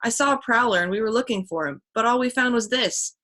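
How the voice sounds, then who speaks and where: A woman reads a clever teenage boy detective from a storybook. He talks in a steady, soothing way and reasons things out. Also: fairly high pitch, fast talker, pitched above the performer's own voice. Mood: calm. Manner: steady and reassuring.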